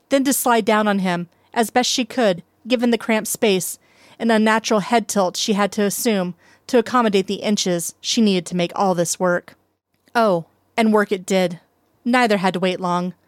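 A woman reading a story aloud as narrator, steady and unhurried. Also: mid-range voice, no room sound, studio quality. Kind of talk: reading fan fiction aloud.

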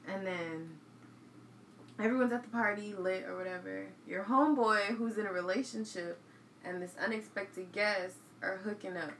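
A woman with a bright, clear voice co-hosting a casual podcast, laying out hypothetical scenarios in a relaxed way. Her voice rings in an echoey room with faint noise behind it. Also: mid-range voice, normal speed. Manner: laid-back, sets up hypotheticals, laughs along. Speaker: podcast co-host posing scenarios. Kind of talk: casual chat.

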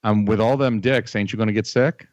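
A man's voice: on the low side, steady tone, a little fast, no room sound, dull audio. A man co-hosting a podcast in rowdy, profane comedic banter.

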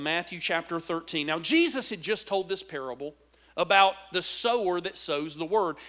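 A man preaching a sermon with dynamic swings between loud emphatic lines and hushed asides. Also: extremely high pitch. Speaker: pastor.

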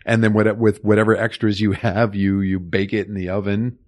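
A man's voice: lowish voice, level tone, brisk, a little mellow, no echo. A man co-hosting a podcast, casually recapping scenes of a film with a chuckle. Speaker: podcast co-host.

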